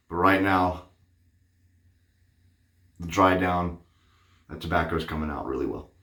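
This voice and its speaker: Male vlogger, low voice, chatty and rambling, slightly winded, roomy echo. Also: a bit bright. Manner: rambling, chatty, many fillers. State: out of breath. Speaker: wet shaving vlogger. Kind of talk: casual shaving vlog.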